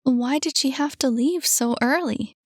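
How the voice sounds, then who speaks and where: A woman's voice: high-pitched, a little slow, no room sound, studio quality, pitched above the performer's own voice. A woman voicing an indignant young man who scoffs at his friend.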